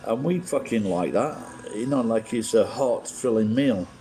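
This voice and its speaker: With a warm, mid-range voice and lively intonation at normal speed, a middle-aged man from England rambles through a casual livestream, bluntly cursing as he shares firm opinions. Faint music plays behind him in a low-quality recording.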